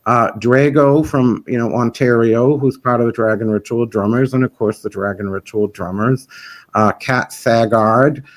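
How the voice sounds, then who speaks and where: A man's voice: medium pitch, steady tone, normal speed. A man who organizes a festival, chatting in an interview in a rambling, frank and opinionated way. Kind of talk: casual interview chat.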